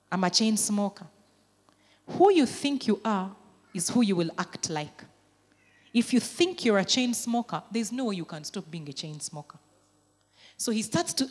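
Lady pastor preaching, higher voice, big swells then quiet bits, long church hall echo. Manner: preaching with emphatic rising and falling intensity. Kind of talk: sermon.

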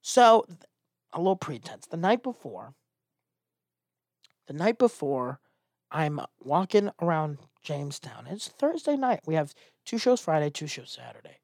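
A man, a stand-up comedian, telling a casual, animated story and acting out the people in it. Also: on the high side, unhurried, long pauses, no room sound, studio quality. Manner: animated, acts out quoted voices.

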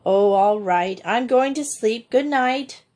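Excitable storybook schoolgirl as a woman reads her, eager, high-pitched, bouncy. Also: takes it slowly. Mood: grumbling. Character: lively boisterous schoolgirl.

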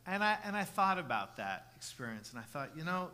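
A middle-aged man preaching a sermon as pastor, earnest, restarting phrases with repeated words and building from soft passages to loud emphatic ones. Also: on the high side, big pitch swings, a little fast. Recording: long reverb of a large hall.

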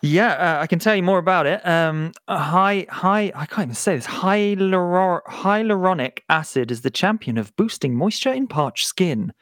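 A man's voice: a little high, lively intonation, normal speed, hardly any pauses, fairly bright tone, no room sound. A man from the UK co-hosting a casual podcast, playful and tripping over hard words. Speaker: podcast co-host. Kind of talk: casual chat.

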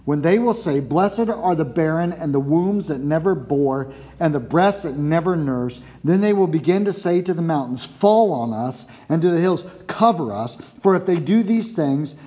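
A man reading the words of a condemned teacher, solemn and calm. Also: fairly high pitch, moderate pace, few pauses, lightly acted.

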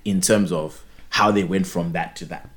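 A man's voice: low voice, fairly even intonation, normal speed, a bit bright. A young Zimbabwean man whose first language is Ndebele, telling a story in casual chat and acting out both sides of a phone call.

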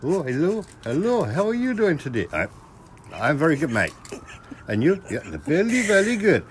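A man's voice: on the high side, big pitch swings, moderate pace, slight background noise, pitched above the performer's own voice. A man putting on a cheerful, eager man with an Indian accent and a chirpy, repetitive, sing-song manner. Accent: Indian, put on.

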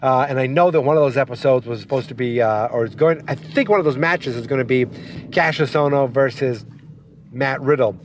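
A man chats in a rambling, tangent-prone way as he drives. His voice sits at an ordinary middle pitch. The recording comes from inside a moving car with a faint hum of road noise behind him. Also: a little fast. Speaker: wrestling vlogger. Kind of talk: casual monologue while driving.

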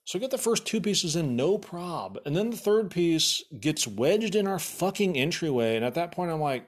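A man's voice: a little high, normal speed. A man casually telling a rambling story, swearing freely and filling it with "like.". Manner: profane, rambling with many "like" fillers; animated, exasperated retelling.

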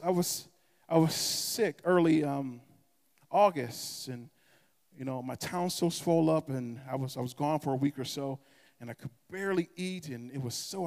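A man's voice: fairly high pitch, darkish tone. A male pastor preaching a sermon in an impassioned, emphatic way. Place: church sanctuary. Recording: echoey church hall.

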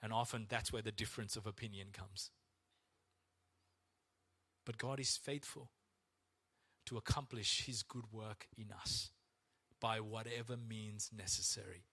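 A man's voice: measured pace, pauses often, slightly rough. A man preaching a sermon as pastor, acting out complaints to God in a raised, strained voice. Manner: animated, acts out complaints to God in a high strained voice.

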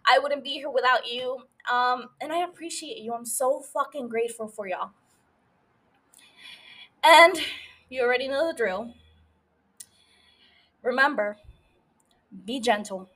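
A woman's voice: fairly high pitch, a bit bright. A woman hosting a casual solo recap podcast, emotional and profane as she tells the story. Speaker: podcast host.

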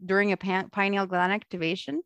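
A young woman tells a story in casual chat, lively and quick to laugh, slipping into the voices of the people she quotes. Her voice sits at an ordinary middle pitch. The sound is dry and close, with no room around it. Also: clean tone, no room sound. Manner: animated, laughs often, acts out quoted voices.

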